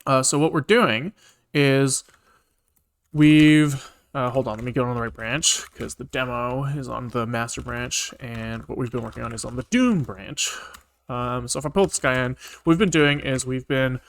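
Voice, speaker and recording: A man's voice: mid-range voice, normal speed. A man casually explaining his programming work on a live stream, talking loosely and thinking aloud with lots of filler words.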